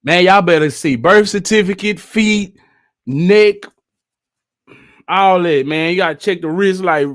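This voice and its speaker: A man's voice: high voice, a little slow, long pauses, a bit bright. A man hosting a reaction video, incredulous and joking in casual commentary.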